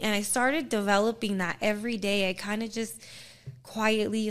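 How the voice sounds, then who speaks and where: A woman's voice: mid-range voice, fairly even intonation, normal speed, clear, resonant tone. A woman guest on a podcast, earnestly telling a personal faith story in a casual, filler-heavy way.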